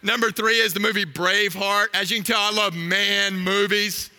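High-voiced, animated preacher man. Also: moderate pace, big-room sound, faint music behind. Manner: animated, storytelling, asks the crowd questions. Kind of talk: sermon.

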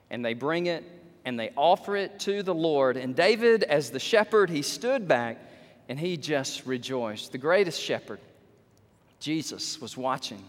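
A male pastor preaching a sermon in church, animated, dropping low and slow, then rising to loud high exclamations. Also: long reverb tail. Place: church sanctuary.

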